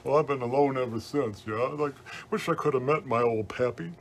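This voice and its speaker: A man's voice: mid-range voice, brisk, gravelly. A man playing a happy hobo clown as guest host of a family comedy show, rambling folksy stories and corny jokes. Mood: jolly. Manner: rambling, folksy, jokey, chuckling.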